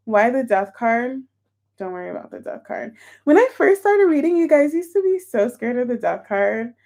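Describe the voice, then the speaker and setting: A woman reading tarot cards for viewers in a chatty, emotional, exclamatory way. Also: a little high. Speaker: tarot reader.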